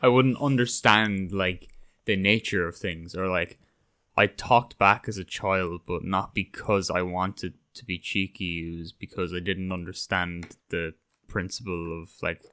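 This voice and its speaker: Low-voiced young man, rambling chat. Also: steady tone, a little slow, fairly bright tone, clean tone. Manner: rambling, swears casually, acts out quotes. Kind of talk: casual chat.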